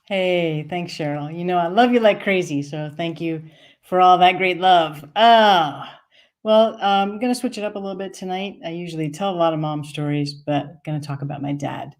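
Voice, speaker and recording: A woman's voice: fairly low pitch, moderate pace. A woman from Maine telling an earnest personal story for a streamed storytelling show. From Maine, USA. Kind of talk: personal story told live. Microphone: streamed from home.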